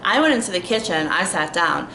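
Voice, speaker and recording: Fed up and leaning constantly on "like" and other fillers, a young woman vlogger rants through a storytime in a lowish, animated, brisk voice that's bright and forceful. The room is echoey with faint ambience and a little hiss or hum.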